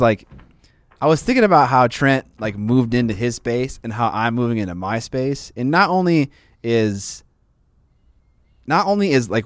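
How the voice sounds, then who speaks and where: A man's voice: mid-range voice, no echo. Rambling, jokey podcast co-host man. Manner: rambling, filler-heavy, jokey. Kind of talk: casual chat.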